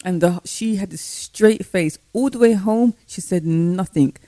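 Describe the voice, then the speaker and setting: A woman sharing a parenting story in a casual faith-based conversation, animated, acting out her own reactions. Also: mid-range voice, measured pace, no room sound. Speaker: parent guest.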